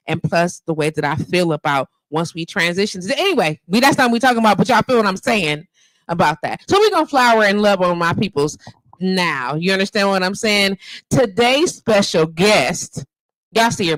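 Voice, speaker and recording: A woman's voice: lowish voice, expressive, a little fast, a bit bright, dry recording, low-quality recording. A woman in her fifties hosting a live radio show from home, chatting casually and emphatically with lots of slang. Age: 50s. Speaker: show host. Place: home studio. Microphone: handheld mic at home.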